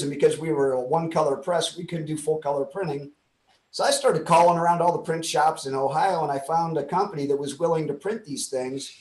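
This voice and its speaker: A man's voice: a little high, a little mellow. A man with a slightly raised voice, as a guest on an interview show, spins a long, chatty anecdote and acts out each bit of dialogue. His voice rings with a noticeable room echo. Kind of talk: casual storytelling.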